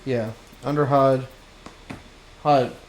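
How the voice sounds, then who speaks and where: A man's voice: medium pitch, drawn-out words, echoey room, slight background noise. A man streaming a video game, chatting casually and reading the game's lines aloud. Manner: relaxed, reads game dialogue aloud. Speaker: gaming streamer. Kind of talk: casual gameplay commentary.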